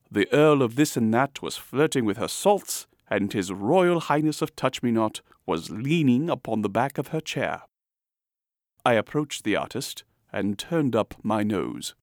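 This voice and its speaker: A man reading a story aloud, measured and expressive, with comic emphasis. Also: mid-range voice, dry recording, studio quality. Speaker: audiobook narrator. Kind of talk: storybook reading with voiced characters.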